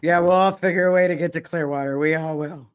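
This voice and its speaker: A man's voice: a little high, steady tone, fast, clear, resonant tone. A man hosting a live stream in casual chat, giving short affirmations and reading viewer comments aloud.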